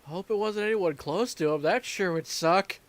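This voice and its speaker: A man's voice: sits high, normal speed. A man running a tabletop game as dungeon master, chatting casually after the session, swearing and laughing often. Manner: profane, laughing, quotes players in silly voices. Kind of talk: casual post-session chat.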